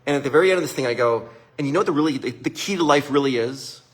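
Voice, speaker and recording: A middle-aged man hosting a casual motivational talk, an animated storyteller who acts out family conversations. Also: mid-range voice, racing. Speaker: host.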